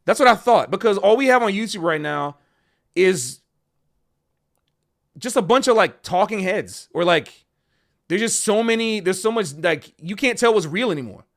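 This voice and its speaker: A fired-up man talking straight to his livestream, emotional and passionate. His voice is fairly high for a man and swings widely in pitch as he makes his points. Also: lively intonation, moderate pace, gravelly, pauses often. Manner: emotional and passionate, says bro a lot. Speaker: jazz musician streaming a Q&A. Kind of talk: casual livestream rant.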